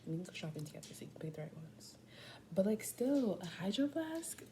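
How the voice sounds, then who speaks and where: An eighteen-year-old woman with a lowish voice talks fast to camera, with slight noise in the background. Her casual vlog stories are animated and profane, peppered with slangy asides.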